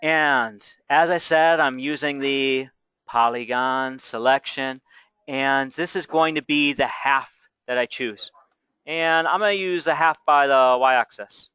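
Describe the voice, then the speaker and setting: A man hosting a casual software tutorial, chatty and reassuring, narrating each click as he goes. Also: mid-range voice, slow pace, clear, resonant tone, no echo, highs cut off. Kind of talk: casual screen-recorded tutorial.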